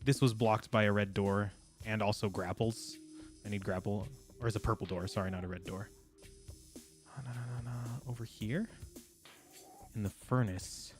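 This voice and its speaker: A man's voice: fairly low pitch, fairly even intonation, normal speed, faint music behind. A man chatting casually with his viewers while he streams a game. He rambles and laughs often. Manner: talks to chat while playing. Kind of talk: casual live gameplay chat.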